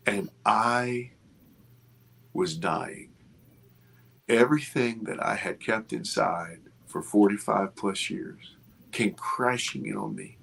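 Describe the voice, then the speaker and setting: Man over fifty, low husky voice, expressive storyteller, restarts and repeats words. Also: slow, long pauses. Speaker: interview guest, film producer. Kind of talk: animated storytelling in a casual interview.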